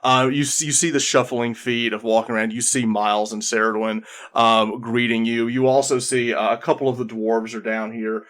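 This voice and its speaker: A man's voice: mid-range voice, little pitch movement, moderate pace, few pauses, a bit bright. A man narrating a tabletop game as game master, rambling with many restarts.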